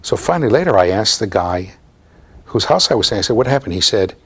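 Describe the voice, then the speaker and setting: A man's voice: fairly low pitch, very animated, fairly quick, a bit bright, slightly rough. A middle-aged American man giving a university lecture, telling stories with asides to his students. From United States. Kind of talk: storytelling classroom lecture.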